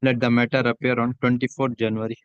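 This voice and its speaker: Authoritative judge dictating orders. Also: male voice, medium pitch, little pitch movement, clean tone, dry recording, dull audio. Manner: brisk and authoritative, dictates in fragments. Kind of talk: court proceedings and dictating orders. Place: courtroom.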